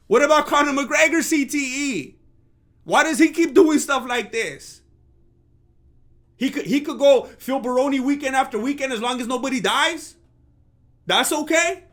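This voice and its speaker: Host: man with a very high voice, sarcastic mock-outraged commentary. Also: moderate pace, pauses often, fairly bright tone. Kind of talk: comedic commentary rant.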